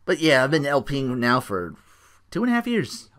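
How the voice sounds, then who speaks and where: A man chatting his way through a game commentary in a loose, rambling way, dropping "like" every few words. His voice is bright and sits at a middle pitch, and it moves up and down a lot as he talks. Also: very animated, normal speed. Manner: rambling, full of "like" fillers. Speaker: let's play commentator.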